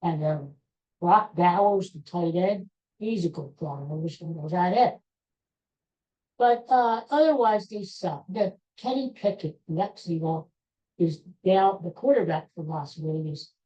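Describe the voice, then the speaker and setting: A middle-aged woman talks on her own podcast in a slow, drawn-out way. Her voice sits low and sounds warm and relaxed. She rambles through stories with restarts and side remarks, and gives blunt opinions. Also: lo-fi sound. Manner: rambling storyteller with many restarts and asides; blunt sports fan opinions. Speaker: podcast host. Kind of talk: casual solo podcast chat.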